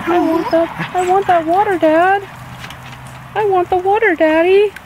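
A woman's voice: very high voice, steady tone, a little slow, background noise, pitched above the performer's own voice. A woman voicing her pet dog, whining and pleading for the hose water, recorded outdoors on a backyard deck. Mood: whiny begging.

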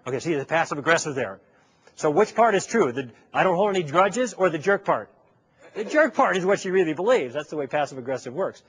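Before a live audience, a public speaker makes his persuasive case through a story, playing both roles in a conversation and asking rhetorical questions. He sounds a little high, sing-song, and slightly rough, speaking a little fast.

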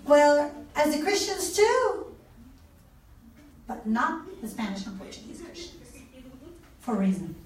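A woman who does not speak natively gives an animated lecture, asking rhetorical questions and acting out conversations. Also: high-pitched, a little slow, pauses often, a little hiss or hum. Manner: animated, asks rhetorical questions, acts out dialogue. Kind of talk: lively lecture. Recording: echoey room, mic far off.

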